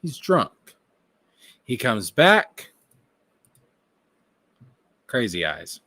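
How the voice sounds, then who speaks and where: Animated man mocking in stream commentary. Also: medium pitch, very slow, no room sound. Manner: excitable, profane, mocking. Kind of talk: reaction commentary.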